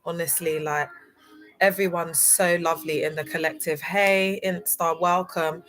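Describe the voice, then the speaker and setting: Young adult woman, lower voice, teary and sniffling, effusive livestream host. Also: poor audio. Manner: tearful and effusive, greeting viewers by name. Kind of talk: emotional livestream chat.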